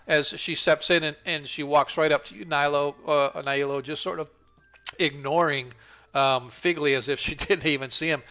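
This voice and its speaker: A man running a tabletop game as game master, describing scenes in a halting way with many ums and restarts. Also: a little high, steady tone, sharp tone.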